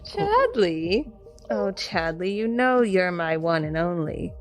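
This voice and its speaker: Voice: mid-range voice, big pitch swings, takes it slowly. A woman playing a teasing, doting adventurer in a tabletop role-playing game, with music playing behind. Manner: playful, teasing.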